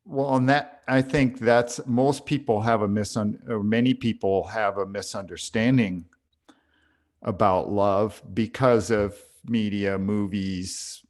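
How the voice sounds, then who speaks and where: A man co-hosting a podcast, speaking slowly and thoughtfully about love and parenting. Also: fairly low pitch, fairly even intonation. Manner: slow, thoughtful, reflective. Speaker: podcast co-host. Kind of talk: reflective conversation.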